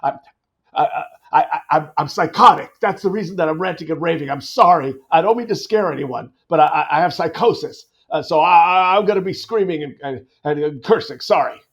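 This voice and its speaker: A man's voice: a little high, fairly quick, fairly bright tone, breathy edge, muffled recording, pitched above the performer's own voice. A man voicing an agitated stranger who stammers and politely apologizes for ranting. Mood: apologetic.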